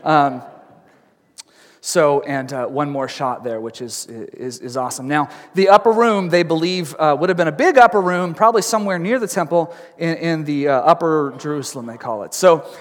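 A man with a fairly high voice preaches from a church sanctuary, and his words ring out with a long hall reverb. He tells the story in a chatty, lively way, full of asides, and slips into the voices of the people in it. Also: normal speed. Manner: animated storytelling, acting out crowd voices. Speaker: pastor. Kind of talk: sermon.

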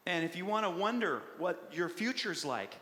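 A man preaching a sermon with a playful, animated, punchy delivery. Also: sits high, normal speed. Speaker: pastor. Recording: echoey hall with long reverb.

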